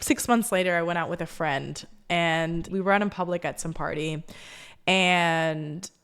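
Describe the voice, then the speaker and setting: A woman's voice: fairly low pitch, fairly bright tone. A young woman from Los Angeles hosting a self-help podcast, talking candidly and chattily with lots of "like" and "you know". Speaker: podcast host. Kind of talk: casual self-help talk.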